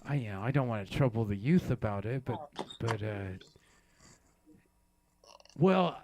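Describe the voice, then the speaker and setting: A man's voice: animated, a little slow, highs cut off, noisy background. A male host of a comedic variety show, rambling with many hesitations in a mock-solemn way. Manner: rambling, hesitant, mock-solemn, breaks into high laughing apologies. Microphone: studio microphone.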